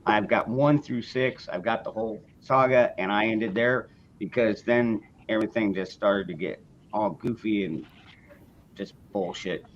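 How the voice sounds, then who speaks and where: A man's voice: lowish voice, measured pace, muffled recording, slight background noise. A man chatting casually on a podcast, blunt and profane, often restarting his sentences. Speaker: host.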